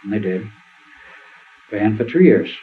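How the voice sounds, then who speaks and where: A man's voice: lowish voice, lively intonation, unhurried. Older man telling stories, tinny sound. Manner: rambling anecdotal storytelling, acts out quotes. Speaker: seminar speaker. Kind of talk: storytelling talk at a seminar. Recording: tinny phone-like sound with faint hiss.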